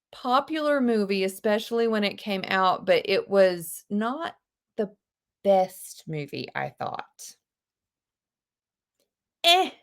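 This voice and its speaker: A woman teaching a live online English class, animated and chatty, with gasps and quick asides to her students. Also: mid-range voice. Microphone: video call.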